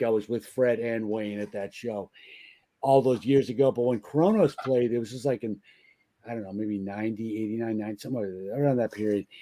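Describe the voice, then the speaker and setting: Mellow-voiced man telling rowdy stories. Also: mid-range voice. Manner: rambling, profane anecdotes, frequent restarts. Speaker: podcast guest, band member. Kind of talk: casual storytelling chat.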